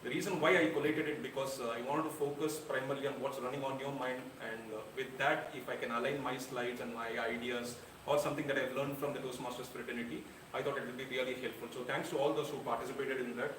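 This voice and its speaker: At a club meeting in an air-conditioned room, a man gives an evaluation speech that is earnest and frank, with light self-deprecating humor. His mid-range voice is fairly even in intonation, fast, and hardly pauses. The recording is roomy and distant, with faint ambience and a noisy background.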